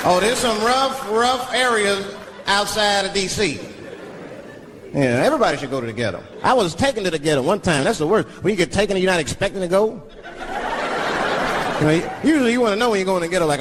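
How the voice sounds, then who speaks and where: A man's voice: a little high, noisy background. A man from Washington, D.C. doing stand-up comedy, telling stories with many put-on voices, recorded live at a show. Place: comedy stage before a large audience. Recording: live show with loud crowd laughter.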